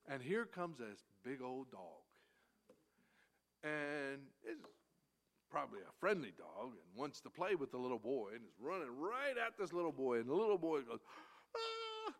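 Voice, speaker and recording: Animated preacher man, hushed to booming. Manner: animated, swings between loud emphasis and hushed near-whispers; reads verses in slow King James cadence. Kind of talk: expository sermon reading scripture.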